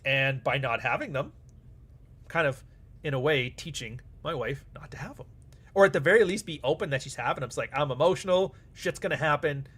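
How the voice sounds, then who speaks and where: Fairly quick and husky, this man's medium-pitched voice has a slightly bright edge. He's a livestream host answering super chats, talking casually and bluntly, swearing plenty and acting out back-and-forth dialogue.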